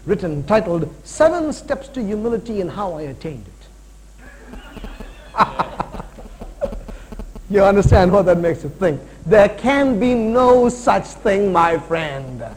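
A man in his forties preaching a sermon, animated, swinging between loud emphasis and quiet, slow points. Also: high-pitched, rough recording. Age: 40s.

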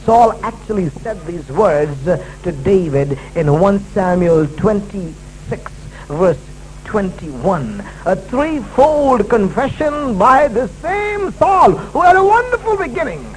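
A male preacher delivers a sermon in a church service, hammering his points through repetition. His voice sits very high and swings widely, rising and falling with each emphatic phrase. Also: lively intonation, takes it slowly, a little hiss or hum, poor audio. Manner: emphatic and repetitive, restating key lines.

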